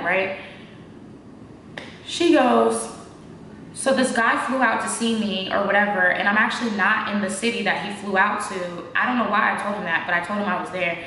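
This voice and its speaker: A woman's voice: fairly high pitch, fairly quick, a little hiss or hum. Shaky-voiced young woman in an echoey room. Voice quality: voice naturally shaky and cracking. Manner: slangy, animated, lots of fillers. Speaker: vlogger. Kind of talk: casual storytime chat.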